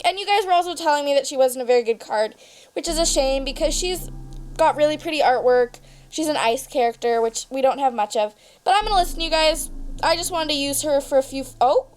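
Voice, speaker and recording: Young woman rambling over a card game playthrough, high voice, jokey and bubbly. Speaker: gaming channel host. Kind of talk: casual game commentary.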